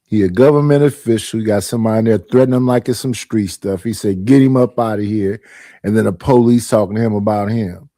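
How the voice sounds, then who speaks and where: A man's voice: fairly low pitch, fast talker, warm tone, dry recording. A man giving casual, slangy commentary on a clip, emphatic about the point he makes. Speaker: commentary channel host.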